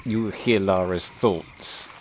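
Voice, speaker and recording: A man's voice: sits low, slow pace, a little hiss or hum. A man giving casual, rambling gameplay commentary, hesitant and full of fillers.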